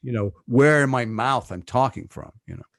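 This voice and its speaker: An English man in his fifties, a guest actor in a podcast interview, telling stories quickly with lots of asides. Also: mid-range voice, gravelly, no echo, studio quality. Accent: English, Liverpool and London mix. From England. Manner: fast, animated storytelling with asides.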